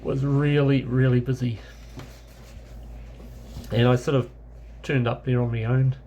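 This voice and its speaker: A man's voice: medium pitch, level tone, a little slow, dark tone, highs cut off. A man from New Zealand with a New Zealand accent, telling a casual travel story in a rambling way, correcting himself as he goes. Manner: rambling anecdotal, with many self-corrections and fillers. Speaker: travel vlogger.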